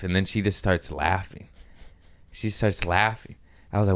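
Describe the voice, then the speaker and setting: A man's voice: low voice, steady tone, fairly quick, clean tone. A man hosting a podcast, telling loose, rambling stories with swearing and laughs in a casual chat. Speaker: podcast host.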